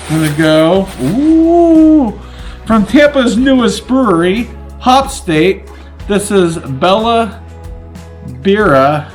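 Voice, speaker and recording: Excited man unboxing gifts, slow and unhurried. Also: fairly high pitch. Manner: excited, exclaiming often. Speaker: vlogger. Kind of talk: casual unboxing vlog.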